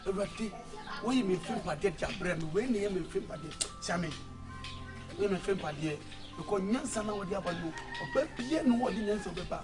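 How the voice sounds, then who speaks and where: High-voiced excitable ghanaian suitor, begging and animated, loud film music under him. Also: male voice, brisk. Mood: pleading. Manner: animated, pleading, switching between Twi and pidgin English. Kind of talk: film drama acting.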